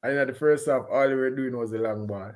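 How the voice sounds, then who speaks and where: A man with a Jamaican accent giving an animated, patois-heavy post-match reaction on a football game. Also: medium pitch, quick pace. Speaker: football fan pundit.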